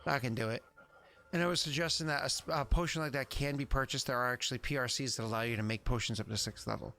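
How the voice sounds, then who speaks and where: A man's voice: mid-range voice, fast, vocal fry, pushed and bright. A man acting as game master on a streamed tabletop game, rambling and playful with many fillers.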